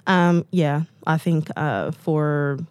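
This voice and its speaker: A woman's voice: sits low, slow pace, a little mellow, clear, resonant tone, no room sound. Female guest, 30s, from the US, candid storyteller, chatty with frequent fillers, close dry mic. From United States. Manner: chatty, many "like"s and "um"s, acts out quotes.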